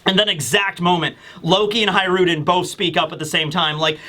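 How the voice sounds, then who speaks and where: A man's voice: high-pitched, steady tone, fairly quick, pushed and bright. A young man giving a casual, rambling manga chapter recap, animatedly acting out quoted lines. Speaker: manga review YouTuber.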